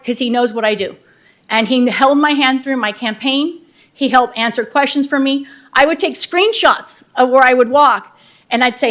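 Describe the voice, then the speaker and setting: Woman on the council talking fast and warm with no script, lots of thank yous, kinda high voice. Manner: energetic, fast and heartfelt, with repeated thank-yous. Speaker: newly elected city council member. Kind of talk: unscripted acceptance speech. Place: city council chamber.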